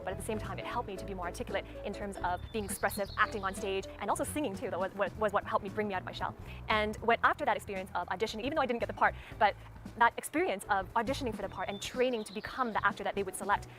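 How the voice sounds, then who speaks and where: A woman coaching viewers on how to speak well, in a clearly enunciated teaching delivery. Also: mid-range voice, very fast, over music. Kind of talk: instructional talk to camera.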